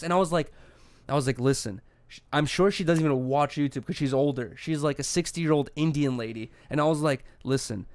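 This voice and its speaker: A young man hosting a casual podcast chat, telling an animated, exasperated story with plenty of swearing. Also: a little high, a little fast, no echo. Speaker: podcast host.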